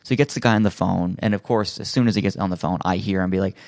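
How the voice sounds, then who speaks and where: A man's voice: low-pitched, rapid-fire, darkish tone, no echo, clean studio sound. A man in casual chat, telling a long story with lots of fillers and acting out other people's lines.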